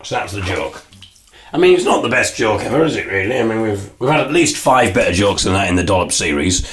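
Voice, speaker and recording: Deadpan man with a low voice. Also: fairly quick. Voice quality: deadpan, self-important. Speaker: comedy podcast host. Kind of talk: deadpan comic monologue. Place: bathroom, in the bath.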